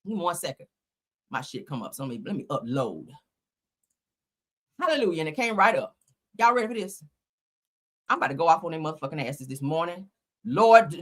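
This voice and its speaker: A woman on her own channel tearing into a reality show in a blunt, cursing, sarcastic rant. Her voice sits high and bright and swoops up and down as she goes off. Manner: blunt, profane, heated, sarcastic. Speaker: host. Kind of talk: ranting reality TV commentary.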